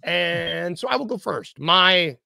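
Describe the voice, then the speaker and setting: A man's voice: high-pitched, lively intonation, slow pace, vocal fry, bright, forceful tone, dry recording. A man co-hosting a podcast in casual chat, rambling with fillers and laughing easily. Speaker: podcast co-host.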